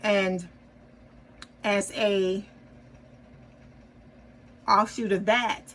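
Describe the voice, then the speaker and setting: A woman's voice: mid-range voice, level tone, extremely slow, fairly bright tone, slight background noise, low-quality recording. A woman giving a casual tarot reading to her viewers, chatty and reassuring, often checking in with "okay?". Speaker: tarot reader.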